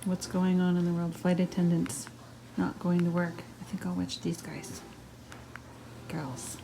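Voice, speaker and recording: A woman's voice: lowish voice, level tone, measured pace, creaky, dark tone, a little hiss or hum. Chatty woman rambling through chores. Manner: rambling, chatty, self-mocking. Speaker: vlogger, housewife. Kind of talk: casual chat while cleaning. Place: home, indoors and yard.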